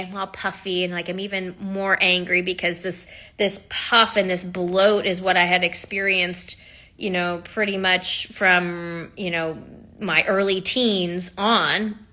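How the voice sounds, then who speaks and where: A woman's voice: mid-range voice, sharp tone. A woman who teaches sound healing, talking candidly and with feeling, with frequent laughs and the odd swear word. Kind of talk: casual storytelling monologue.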